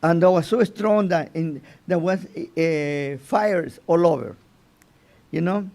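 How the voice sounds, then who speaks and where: A man teaching an informal Torah lesson as a rabbi, halting and restarting his phrases and often asking "you know?". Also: a little high, creaky, a little mellow.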